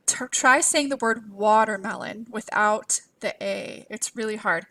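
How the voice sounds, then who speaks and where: A woman instructor giving a recorded lecture over slides, a clear and encouraging teacher who models letter sounds aloud. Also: mid-range voice, a little slow, hardly any pauses, a bit bright. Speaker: literacy instructor.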